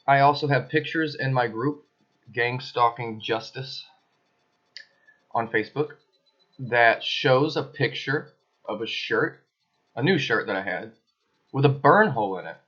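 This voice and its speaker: Man, home vlog rant, emphatic, accusatory, mid-pitched voice, muffled lo-fi sound. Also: slow, long pauses, fairly bright tone, husky. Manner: emphatic, accusatory, with suspicious asides. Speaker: video blogger. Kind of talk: casual ranting monologue to camera. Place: his apartment.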